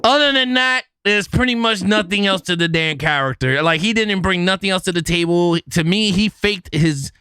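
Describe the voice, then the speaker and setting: A young man co-hosting a movie review podcast, talking casually and joking, with animated restarts. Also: high voice, moderate pace, hardly any pauses, clear, resonant tone, no room sound, studio quality. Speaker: podcast co-host.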